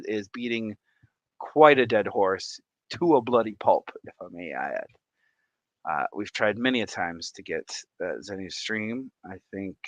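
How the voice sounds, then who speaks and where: A man hosting a casual livestream, excitedly reacting aloud to viewer comments. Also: on the low side, no room sound. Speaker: livestream host.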